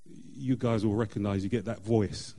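A middle-aged man, sharing a personal faith testimony in an earnest, halting way with many fillers and restarts. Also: lowish voice, fairly even intonation, warm tone. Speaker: church member sharing testimony.

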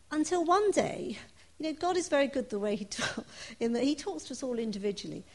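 A woman's voice: high-pitched, lively intonation, fairly quick. A woman preaching a sermon, reading scripture and then telling her own story in an earnest, personal way. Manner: earnest, personal, with soft laughs.

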